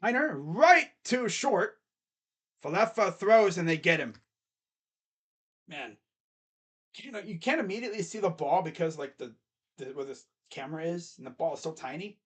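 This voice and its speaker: Brief: high-voiced male fan streaming live baseball reaction, rambling and excitable. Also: normal speed, long pauses. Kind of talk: casual live play-by-play reaction.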